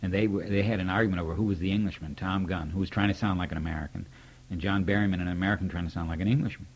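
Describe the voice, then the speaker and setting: An older man, a poet, candidly recalls a mentor through wry spoken stories, acting out remembered conversations in a reflective reminiscence. His voice is deep and slightly rough, with fairly even intonation and a very fast pace.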